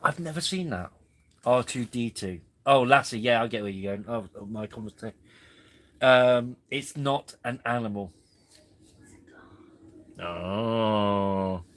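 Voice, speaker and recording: A man's voice: on the low side, slow, pauses often. A man in his forties hosting a casual camping live stream from a tent. He rambles, goes off topic and pokes fun at himself. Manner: rambling, chatty, self-deprecating. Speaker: camping channel host.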